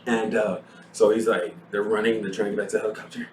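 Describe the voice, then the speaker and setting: Low-voiced guy retelling a movie, acts out the lines, laughs a lot, echoey room. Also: fast. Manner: animated retelling, acts out quotes, laughs often. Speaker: podcast co-host. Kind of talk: casual movie review chat. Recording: echoey room, distant mic, faint noise.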